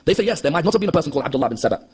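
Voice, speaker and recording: A man's voice: on the high side, very animated, rapid-fire, darkish tone, breathy edge. A man giving an impassioned religious history lecture, asking the audience rhetorical questions and acting out quoted dialogue. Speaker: Shia preacher.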